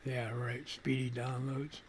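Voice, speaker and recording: The live radio host speaks slowly in a medium-pitched, flat voice, muttering and casually swearing in frustration as he fixes his stream setup. It's casual live-stream commentary, with a little hiss or hum on the recording.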